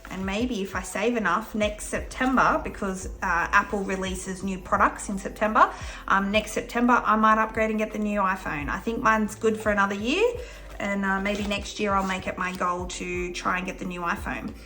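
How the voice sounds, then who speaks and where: Australian woman, young adult, Australian accent; crisp bright delivery, chatty and upbeat vlog host. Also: medium pitch, steady tone, moderate pace. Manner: chatty and upbeat, counting cash aloud. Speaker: budgeting vlogger. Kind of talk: casual vlog narration.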